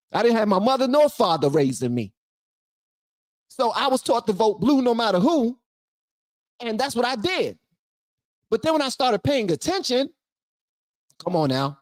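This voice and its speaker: A man's voice: sits high, no room sound. A man from Southeast Washington, D.C., giving casual, emphatic reaction commentary straight to his viewers. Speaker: YouTube commentator reacting to a clip.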